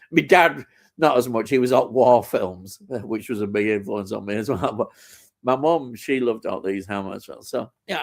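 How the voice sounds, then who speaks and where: Middle-aged man, live-stream co-host, relaxed slow delivery, rambling and enthusiastic, lots of fillers. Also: mid-range voice. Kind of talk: casual live-stream chat, reading out viewer comments.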